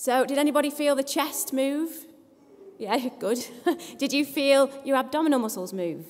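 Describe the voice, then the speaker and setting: Brisk, encouraging woman voice therapist. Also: sits high, darkish tone. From England. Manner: brisk, encouraging, lightly self-deprecating. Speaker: speech and language therapist. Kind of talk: live workshop talk leading an audience in voice exercises. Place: conference hall with audience. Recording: long hall reverb.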